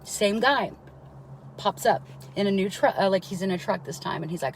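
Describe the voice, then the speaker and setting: Medium in pitch with a breathy edge, this mother talks briskly over a rough recording. She rambles through a long personal story on stream, swearing a lot and repeatedly asking her listeners "right?"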